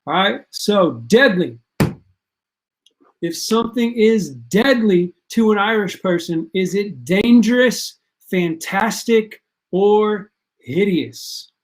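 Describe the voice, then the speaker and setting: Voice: medium pitch, expressive, slow. A parent hosting a casual online quiz stream for students, chatting and reading out players' answers and scores. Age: adult parent.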